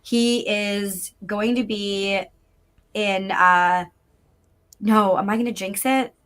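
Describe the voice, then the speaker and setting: A woman voice actor chatting as a guest in a live interview, bubbly and talkative, with lots of fillers and quick laughs, heard over a video call. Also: medium pitch, steady tone, a bit bright, clean tone. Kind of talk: casual live interview chat.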